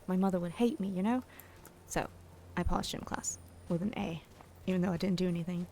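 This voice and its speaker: A woman's voice: fairly low pitch, steady tone, fairly quick, vocal fry, warm tone, a little hiss or hum. Chatty young woman streamer. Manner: chatty, rambling, talks to chat. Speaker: game streamer. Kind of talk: casual gameplay chat.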